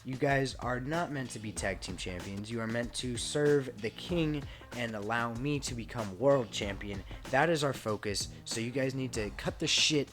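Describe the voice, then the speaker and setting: A man putting on an impression of a pompous male wrestling king, scolding and bossing his underlings in a high, loud rant. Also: moderate pace, few pauses, soft background music, close to an everyday voice. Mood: angry scolding. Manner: ranting, scolding, demanding.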